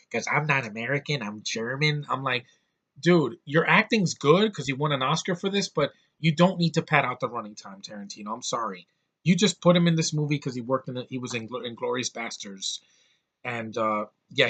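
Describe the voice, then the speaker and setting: A man reviewing a movie in a loose, unscripted way, blunt and quick to curse, often stumbling and restarting mid-sentence. His voice is bright and forward, with a middle pitch. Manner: blunt, rambling, swears often, many restarts. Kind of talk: casual film review.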